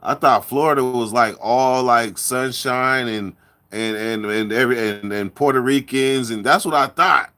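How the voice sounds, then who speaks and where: A man from California in a casual chat, telling rambling stories with drawn-out words and lots of repeats. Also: medium pitch, bright, forceful tone. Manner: loose storytelling, drawn-out words, repeats himself. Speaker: podcast host.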